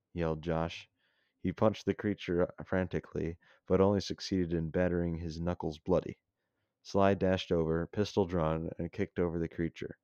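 A man's voice: sits low, mellow, dry recording, muffled recording. A man hosting a casual podcast, reading his own story aloud in a dry manner and stopping to retake lines. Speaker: podcast host and story reader.

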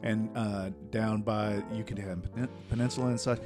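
A man co-hosting a podcast, joking in casual, quick banter. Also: fairly low pitch, steady tone, music in the background. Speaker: podcast co-host. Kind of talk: casual chat.

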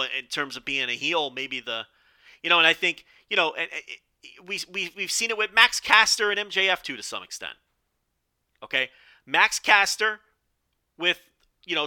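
A man hosting a solo podcast, talking in a bright, forceful voice that sits a little high for a man. He rambles through his opinions, tossing in "okay?" and restarting sentences. His voice is strained and hoarse. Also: lively intonation, moderate pace. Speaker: podcast host.

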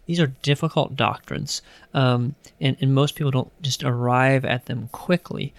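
Guy with a gravelly mid voice, earnest podcast talk, dry phone sound. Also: medium pitch, steady tone, dry recording. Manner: earnest, reads passages slowly. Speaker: podcast co-host. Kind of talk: casual theology chat. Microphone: phone line. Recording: dry phone-line recording.

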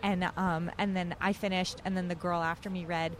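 A woman's voice: fairly low pitch, moderate pace, slight background noise. A young woman guest on a podcast, telling a story in casual chat and acting out other people's lines with animation, recorded outdoors in a city park. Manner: animated, quotes others in lively voices.

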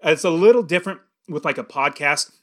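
A man's voice: fairly high pitch, brisk, a bit bright, no room sound, studio quality. A middle-aged man hosting a podcast, talking earnestly and emphatically in a casual interview. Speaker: podcast host.

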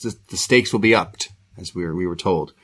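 A man's voice: sits low, fairly quick, fairly bright tone, husky. A man co-hosting a podcast, giving a rambling, casual play-by-play recap with frequent restarts. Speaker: podcast co-host reviewing wrestling.

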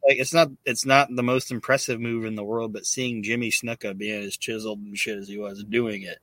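Podcast host, male, bright tone on a dry mic, loose and profane, lots of ums. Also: fairly low pitch, fairly even intonation, fairly quick, no echo. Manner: profane, filler-heavy retelling. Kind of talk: casual recap chat.

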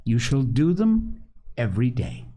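A man reading aloud and voicing a capable older sister, a girl who is brisk but kind. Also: medium pitch, sing-song, mellow. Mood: motherly.

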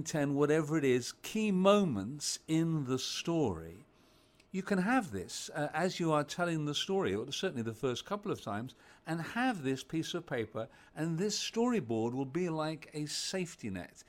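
A man's voice: a little high, big pitch swings, a little slow. A man leading a panel on storytelling, explaining methods and handing the turn to each guest in an encouraging, conversational way. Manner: encouraging, conversational, hands turns to others. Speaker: discussion host, storyteller.

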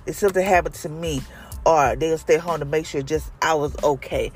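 A woman's voice: sits low, moderate pace, darkish tone, faint music behind. A woman leading a devotional, sharing a personal testimony in an earnest, conversational, prayerful way. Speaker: devotional leader.

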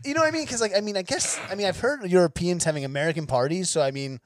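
A man's voice: sits high, rapid-fire, dry recording, clean studio sound. A young man from New Jersey hosting a casual podcast chat, rambling and swearing freely as he tells stories. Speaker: podcast host.

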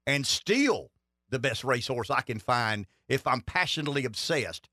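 Folksy, lively-voiced man talking politics. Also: medium pitch, normal speed, no room sound, studio quality. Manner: folksy, emphatic, rambling asides. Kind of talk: casual political talk.

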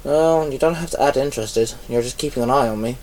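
A man's voice: medium pitch, expressive, brisk, warm tone, close to an everyday voice. A man voicing a grumpy, reluctant male mentor who mutters curtly, a little off mic. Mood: grumbling. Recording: voice a bit far from mic.

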